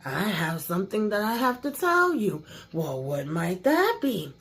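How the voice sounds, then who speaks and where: A woman voicing a slow, stiff-talking powerful older man in a drawn-out, ponderous way. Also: medium pitch, sing-song, a bit bright, voice pushed down. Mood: mocking.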